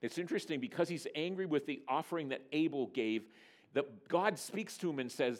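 A man from Northern Ontario, Canada, preaching a sermon and telling stories with lively delivery. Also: mid-range voice, brisk. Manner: animated storyteller, voicing characters in dialogue. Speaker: pastor. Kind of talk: sermon with storytelling.

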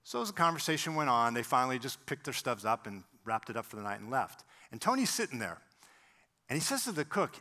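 In his sermon, a pastor speaks a little fast at medium pitch, animatedly telling a story and imitating the voices of its characters.

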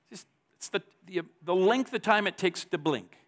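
A man's voice: high voice, expressive, normal speed. A man preaching a sermon, reading scripture aloud with emphasis and stumbling over restarts now and then. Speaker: pastor.

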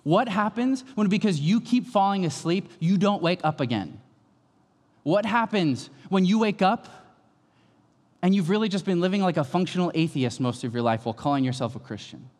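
A male pastor in his thirties preaching a sermon, with lively storytelling that swings from calm to loud. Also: high voice, normal speed. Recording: long hall reverb.

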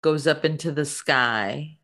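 A woman's voice: low-pitched, slow pace, fairly bright tone. A woman in casual chat, easygoing and giggly.

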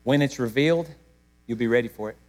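A middle-aged man preaching a sermon to his church, emotional, swinging between loud emphatic peaks and hushed moments. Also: medium pitch, quick pace. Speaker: pastor.

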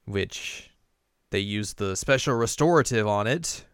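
Smooth low-voiced man recapping casually. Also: animated, unhurried, a bit bright, no echo, clean studio sound. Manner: laid-back, rambling, laughs often. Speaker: podcast co-host. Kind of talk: casual episode recap chat.

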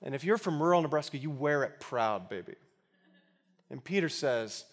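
A man preaching a sermon as pastor, conversational and emphatic with touches of humor, at times dropping into quiet, earnest appeals. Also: a little high, animated, normal speed.

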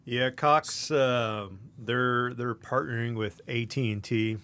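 A man's voice: mid-range voice, steady tone, slow, a bit bright. A man from Kansas with a mid-range voice co-hosts a podcast in a laid-back way. He tells stories at an easy pace, dotted with ums and likes. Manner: easygoing storyteller, full of fillers. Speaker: podcast co-host. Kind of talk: casual podcast chat.

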